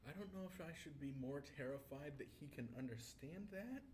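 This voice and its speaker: A man's voice: fairly high pitch, lively intonation, a little fast, a little mellow, a little hiss or hum. A young man playing in a tabletop game, talking casually and making jokes. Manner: casual, joking, directs the party. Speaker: player.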